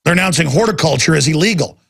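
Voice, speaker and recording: A man's voice: fairly high pitch, expressive, fast, vocal fry, a bit bright, slightly rough. A man hosting a talk radio show, delivering a heated, impassioned monologue and mocking his opponents' voices.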